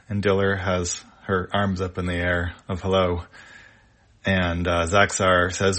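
A man reading a comic strip aloud panel by panel in a plain, steady manner with small fillers. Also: sits low, unhurried. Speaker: comic reader.

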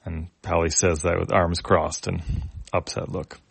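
A man with a low voice reads a comic aloud panel by panel, relaxed and unhurried, with fillers. The sound is dry and close. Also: gravelly, slightly rough, dry recording. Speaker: comic reader. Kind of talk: reading a webcomic aloud.

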